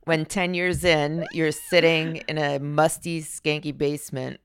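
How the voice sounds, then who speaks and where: A woman comedian telling jokes and stories with a deadpan delivery. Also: deep voice, measured pace, a little hiss or hum. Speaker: guest comedian. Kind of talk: comedy storytelling.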